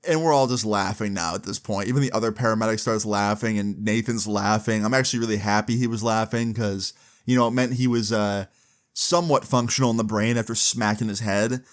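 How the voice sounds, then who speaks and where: A young man vlogger telling a storytime in casual, animated speech with frequent swearing. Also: fairly low pitch, a little fast. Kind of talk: storytime vlog.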